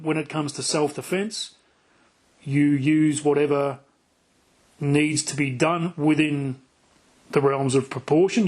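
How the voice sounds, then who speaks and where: A man's voice: a little high, a little mellow, breathy edge. A man hosting a casual podcast interview, rambling and swearing freely, with lots of restarts. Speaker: podcast host.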